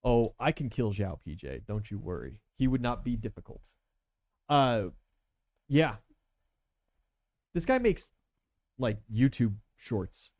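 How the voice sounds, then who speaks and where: Dude running a tabletop game, chatty and loose, voice bouncing around a lot. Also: male voice, medium pitch, big pitch swings, slow pace, pauses often, darkish tone, no echo. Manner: casual, chatty, storytelling with many fillers. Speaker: game master.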